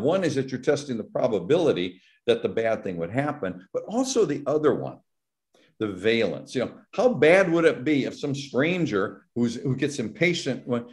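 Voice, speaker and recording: Man explaining therapy research on a call. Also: medium pitch. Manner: explanatory, acts out patients' worried voices, many restarts. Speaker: psychology professor. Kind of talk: academic panel talk. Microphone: video call.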